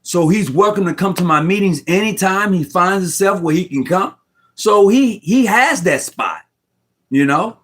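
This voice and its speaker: A middle-aged man joins a live stream as a Mason guest, talking casually on a video call from a room at home. Heartfelt and rambling, he repeats himself in slangy speech and is close to tears. His voice is high, expressive, a bit bright and husky, at normal speed.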